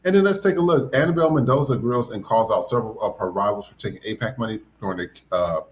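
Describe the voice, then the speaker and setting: A man's voice: lowish voice, fast talker, a little hiss or hum. A man hosting a podcast, ranting in casual political commentary with lots of profanity and mocking asides. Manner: profane, animated, mocking mimicry. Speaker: podcast host.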